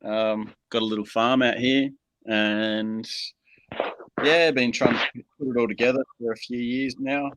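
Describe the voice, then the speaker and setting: An Australian man, a guest in a casual video-call interview, talking in a laid-back, unhurried way with plenty of pauses and ums. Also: medium pitch, steady tone, fairly bright tone, poor audio.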